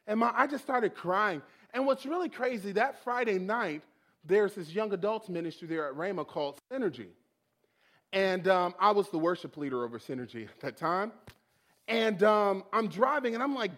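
Animated high-voiced man preaching. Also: fairly quick. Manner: animated storytelling, acting out his own prayers. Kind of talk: sermon testimony.

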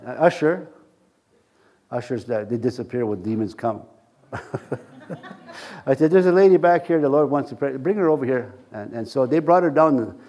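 A male pastor telling a story in a sermon, lively and anecdotal, chuckling at his own jokes. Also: mid-range voice.

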